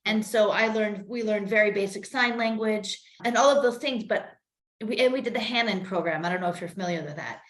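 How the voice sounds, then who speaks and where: A woman's voice: mid-range voice, brisk. A woman co-hosting a parenting podcast, talking earnestly and at length about her own experience in casual chat. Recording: roomy echo.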